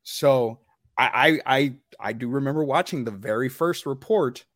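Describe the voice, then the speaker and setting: A man co-hosting a podcast, chatting in a relaxed, rambling way with lots of filler phrases. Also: mid-range voice, normal speed, dry recording, clean studio sound. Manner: relaxed, rambling, many "you know"s. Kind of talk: casual chat.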